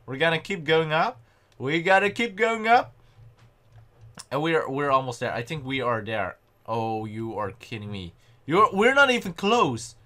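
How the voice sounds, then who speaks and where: A young man giving excitable, panicky gameplay commentary and often mocking his own mistakes. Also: on the high side, a little slow. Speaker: gaming channel host.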